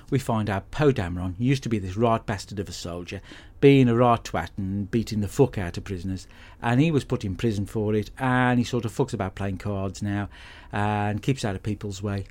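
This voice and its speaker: A man's voice: fairly low pitch, moderate pace, darkish tone. A middle-aged man, giving a blunt, sweary comic monologue as podcast host. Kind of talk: comic monologue with film recap.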